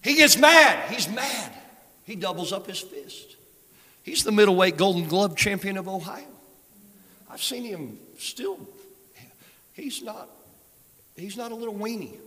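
An older man preaching a sermon, moving between hushed storytelling and loud exhortation. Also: high voice, expressive, unhurried, pauses often, slightly rough. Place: large church sanctuary. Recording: long hall reverb with soft music behind.

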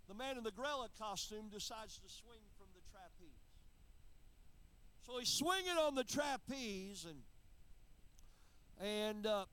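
A man's voice: high-pitched, a bit bright, a little hiss or hum, poor audio. A man preaching a sermon, telling a humorous story before moving into emphatic preaching with call-outs to the congregation. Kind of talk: sermon with a joke illustration.

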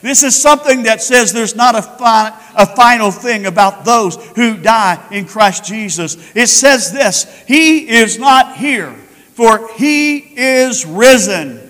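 A man preaches with a high, bright, ringing voice that swells into shouts and stretched-out words. His sermon rolls through a church sanctuary with a long hall reverb trailing every phrase. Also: lively intonation. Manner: fervent, rising to shouts, drawn-out emphasis. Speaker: pastor.

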